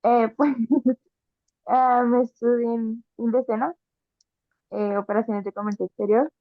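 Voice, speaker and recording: A woman's voice: on the high side, flat delivery, normal speed, dry recording. Hesitant female student on a tinny line. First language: Spanish. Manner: hesitant, mixing Spanish into her English. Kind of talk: class answer on a video call. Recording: dry, tinny phone-like line.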